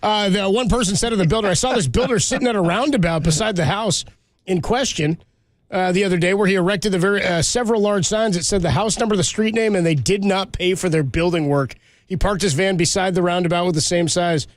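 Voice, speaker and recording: Man, radio co-host, laid-back banter, high pitch, dry close mic. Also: brisk, no echo. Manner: laid-back, says "dude" a lot.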